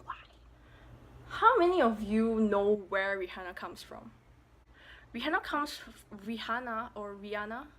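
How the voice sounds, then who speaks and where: A woman's voice: fairly high pitch, big pitch swings, measured pace, long pauses. Playful young Malaysian woman vlogger. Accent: Malaysian English. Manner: playful, jokey asides. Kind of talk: casual educational vlog.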